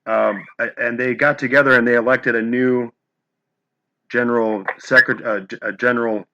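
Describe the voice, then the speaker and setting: Bright-voiced male host, hesitant questions. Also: medium pitch, steady tone, moderate pace, highs cut off. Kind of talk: conversational interview.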